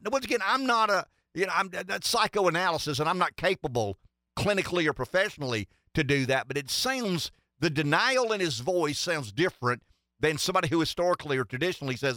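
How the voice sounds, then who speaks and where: A man's voice: fairly high pitch, lively intonation, fast talker, sharp tone, no room sound, studio quality. A man in his sixties hosting political talk radio, rambling emphatically with many restarts. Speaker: radio talk show host.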